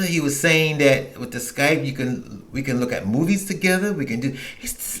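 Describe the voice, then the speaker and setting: A man's voice: mid-range voice, normal speed, few pauses, a bit bright. A middle-aged man hosting his own show, telling a frank personal story in a rambling way, full of restarts and quoted asides. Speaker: podcast host.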